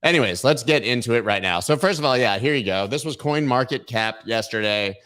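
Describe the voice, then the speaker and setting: A man hosts a live news stream and chats casually with his viewers. He jokes and riffs on silly bits as he talks. His voice sits at a middling pitch, and he talks into a webcam. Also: expressive, a little fast, a bit bright, clean tone, soft background music. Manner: jokey and playful, riffing on silly bits. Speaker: host of a crypto news livestream. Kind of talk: casual livestream chat. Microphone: webcam framing, sitting at camera.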